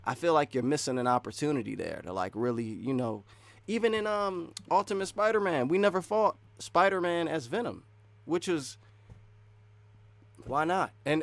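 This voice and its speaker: A man giving casual, excitable live-stream commentary while wearing earphones, rambling and swinging between loud and soft. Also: on the high side, dry recording. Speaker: streamer reacting to game news.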